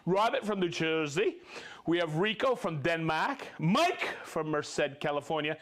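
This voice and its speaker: Live stream host, male, upbeat reader of viewer shout-outs, high lively voice. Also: a little slow. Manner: upbeat, reads viewer names and places, jokes and laughs. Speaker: livestream host.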